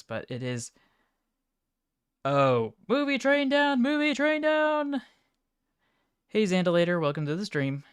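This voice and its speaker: A man livestreaming, reacting to chat images in an offhand, mumbling way with sudden excited outbursts. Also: a little high, clear, resonant tone, no echo, studio quality. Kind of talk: casual live-stream commentary.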